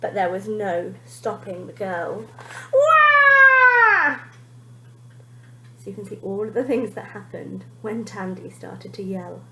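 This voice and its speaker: A woman teacher reading a children's storybook aloud, lively and expressive, pointing out the pictures. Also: medium pitch, normal speed, few pauses, roomy sound, heavy background noise.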